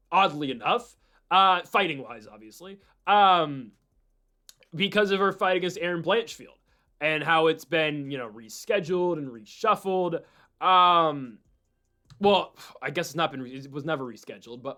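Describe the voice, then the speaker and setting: Male host, slightly high voice, animated, opinionated fight-prediction chat.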